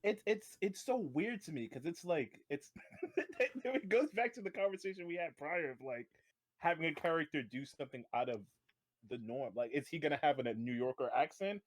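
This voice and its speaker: A man's voice: fairly high pitch, expressive, moderate pace. A man co-hosting a casual gaming podcast, playful and laughing, trying out silly voices. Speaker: podcast co-host.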